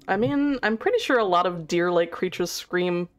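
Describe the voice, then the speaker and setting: A woman's voice: lowish voice, animated, normal speed. Giggly, foul-mouthed woman streamer. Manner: giggly, chatty, swears casually. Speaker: game streamer. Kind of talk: casual live-stream chat.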